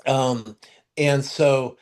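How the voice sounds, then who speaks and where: A man co-hosting a podcast, chatting casually about TV shows in a rambling, halting way full of restarts and fillers, and swearing now and then. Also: medium pitch, steady tone, darkish tone. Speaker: podcast co-host. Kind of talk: casual chat reviewing TV shows.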